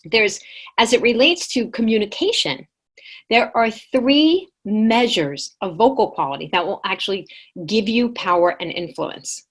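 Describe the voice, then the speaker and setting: A woman speaking into a computer mic on a video call, leading a live workshop. She is lively and engaging, with a mid-range pitch, and reads out the chat answers as they come in. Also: unhurried. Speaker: workshop presenter. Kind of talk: online workshop lecture.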